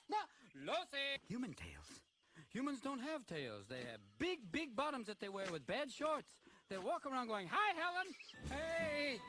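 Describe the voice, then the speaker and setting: A zany, frantic fruit bat. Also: male voice, extremely high pitch, exaggerated voice. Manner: frantic, rapid swings between shouting and babbling. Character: zany, manic male fruit bat, loud and scatterbrained. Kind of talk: animated film dialogue. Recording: film clip with loud music score.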